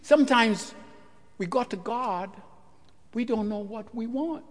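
A male pastor preaching a sermon, animated and full of rhetorical questions, acting out the voices in the story. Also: high-pitched, a little slow. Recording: long church hall reverb.

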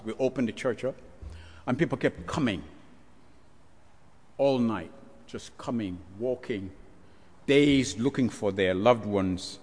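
A man preaching a sermon, telling gospel stories in a lively way and acting out the voices of the figures. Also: lowish voice. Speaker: pastor. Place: church. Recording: long church reverb.

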